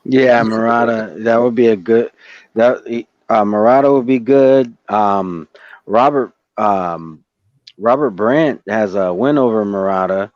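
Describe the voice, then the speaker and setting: Brief: man, measured and hesitant, dry muffled lo-fi recording. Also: fairly low pitch, darkish tone, no room sound. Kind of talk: casual chat.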